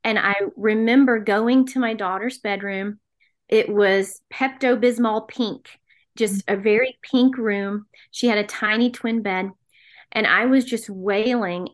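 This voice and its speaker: With a mid-range, fairly bright voice, this Southern woman in middle age shares her own story on a podcast. Her interview testimony comes across as earnest and full of emotion.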